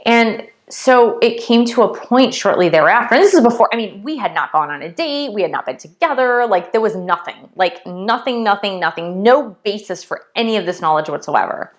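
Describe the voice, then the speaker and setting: A woman with an expressive mid-range voice vlogs a heartfelt spiritual testimony at a moderate pace with hardly any pauses. She talks earnestly and casually, repeats phrases, fills gaps with "like", and is emotional and near tears at times.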